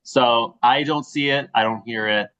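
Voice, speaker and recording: A playwright from the Chicago area with a Midwestern accent, introducing himself casually in a hesitant, self-deprecating way. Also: male voice, medium pitch, measured pace, a bit bright. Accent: Midwestern American. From Chicago area, USA. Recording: dull lo-fi audio.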